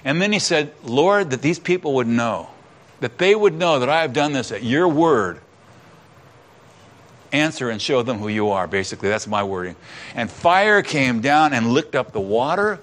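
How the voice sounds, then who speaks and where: A man's voice: expressive, normal speed, a bit bright. Preacher man dramatically retelling scripture. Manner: dramatic retelling, acting out voices with rising pitch and volume. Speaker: pastor. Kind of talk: sermon.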